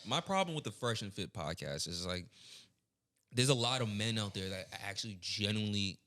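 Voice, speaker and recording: A young man in casual podcast chat, talking bluntly and heatedly with plenty of swearing. His voice sits fairly low, with a bright, forceful edge to it. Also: lively intonation, a little fast. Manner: blunt, profane, heated ranting. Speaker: podcast co-host.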